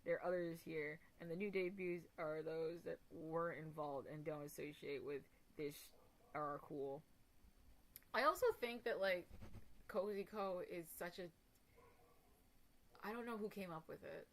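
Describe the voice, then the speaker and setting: A woman's voice: on the low side, fairly even intonation, unhurried. A woman streamer talking bluntly and heatedly, swearing as she rants on stream. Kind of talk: casual ranting stream talk.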